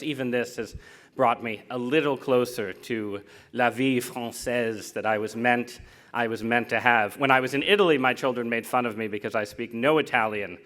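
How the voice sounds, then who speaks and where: An American man with a medium-pitched, fairly bright voice gives a public lecture as a guest speaker in a lecture hall. He jokes at his own expense and often restarts his sentences.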